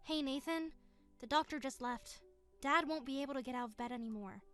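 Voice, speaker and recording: A woman's voice: high voice, a little fast, a bit bright. A woman voicing an upset young woman who scolds her brother, with a reproachful manner. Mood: worried. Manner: accusing, indignant. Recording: faint music behind.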